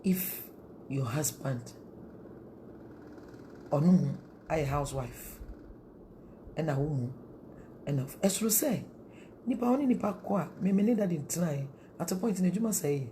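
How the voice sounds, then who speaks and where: A woman's voice: deep voice, expressive, a little slow, pauses often, dark tone, slight background noise. A middle-aged woman with a Ghanaian accent, preaching marriage counsel in a sermon, mixing Twi and English and asking rhetorical questions.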